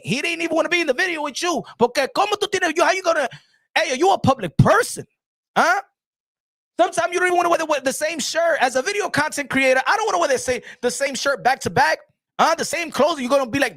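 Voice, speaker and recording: Man, casual live-stream host, high voice, dry recording. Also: fast talker, no echo. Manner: animated, laughing, code-switching, repeats himself.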